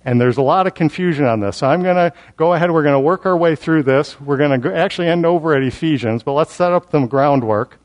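A man delivers an expository Bible sermon, leaning on repetition to build emphasis and slowing down over key words. His voice sits on the high side.

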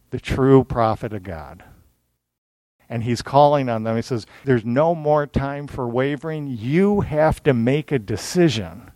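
A man preaches a sermon, reading a scripture passage aloud and explaining it in plain everyday words with mocking, animated asides. His voice is a little high, and there's no echo.

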